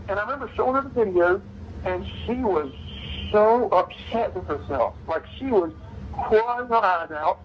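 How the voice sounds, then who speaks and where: A man being interviewed, recounting events hesitantly with many pauses and restarts. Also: sits high, expressive. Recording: muffled clip with faint noise.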